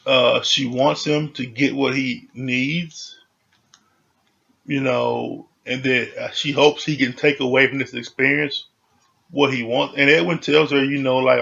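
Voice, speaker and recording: A man's voice: mid-range voice, fairly even intonation, measured pace, vocal fry, fairly bright tone, lo-fi sound. A man giving a casual, conversational recap of a reality show, full of "you know" and "like".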